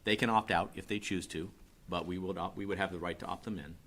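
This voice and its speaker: A middle-aged man presenting a rate request at a public meeting, explaining it in a brisk, conversational way. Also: deep voice, fairly even intonation, a bit bright.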